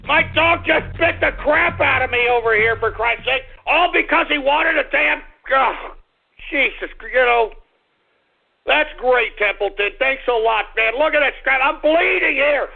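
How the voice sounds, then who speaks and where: A man's voice: extremely high pitch, creaky. A man hosting a live call-in radio show, exasperated, swearing and repeating himself. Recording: lo-fi phone-quality radio broadcast.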